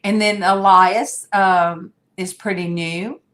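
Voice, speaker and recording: Slow-talking older woman livestream host. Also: mid-range voice, steady tone, a bit bright. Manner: chatty, rambling, greets viewers by name. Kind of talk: casual livestream chat.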